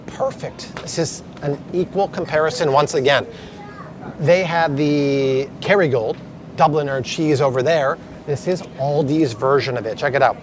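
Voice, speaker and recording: An upbeat man walks the store aisles as he vlogs, leaning hard on each price he calls out. His voice sits a touch higher than most men's. A faint hum of the store carries underneath. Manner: upbeat, emphatic price comparisons. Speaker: grocery vlogger. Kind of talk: store walkthrough vlog. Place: supermarket aisles.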